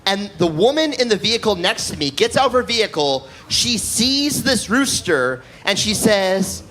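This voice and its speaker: A man's voice: high-pitched, very animated, normal speed, hardly any pauses, bright, forceful tone, a little hiss or hum. A man doing a laid-back live stand-up set on stage, dropping "dude" into his lines. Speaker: stand-up comedian. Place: live comedy show stage.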